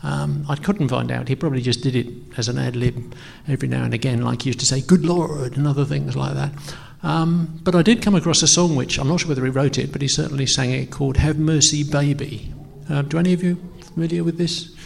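A man's voice: medium pitch, fairly even intonation, fast talker, creaky, few pauses. A middle-aged man preaching a sermon in a casual, hesitant way, full of ums and self-deprecating asides. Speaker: pastor. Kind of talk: conversational sermon. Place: church. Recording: long reverb of a church hall.

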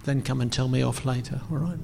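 Gravelly-voiced pastor in an echoing hall. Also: male voice, mid-range voice, steady tone, fast, warm tone, slight background noise. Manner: hesitant, self-deprecating, frequent ums. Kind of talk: conversational sermon. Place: church. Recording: long reverb of a church hall.

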